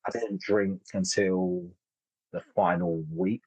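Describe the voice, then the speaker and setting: A man's voice: low-pitched, little pitch movement, slow, a little mellow, slightly rough, no echo, lo-fi sound. A man in his thirties, a comedian telling stories in a casual interview, rambling and self-interrupting with frequent laughs. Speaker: comedian guest.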